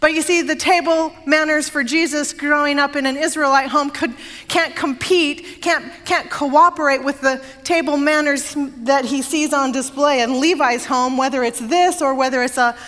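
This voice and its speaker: A woman's voice: high-pitched, fairly even intonation, moderate pace, a bit bright. A woman pastor delivering a sermon in a conversational, storytelling way, slipping into quoted voices and speaking directly to the congregation. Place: church sanctuary. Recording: long reverb of a large sanctuary.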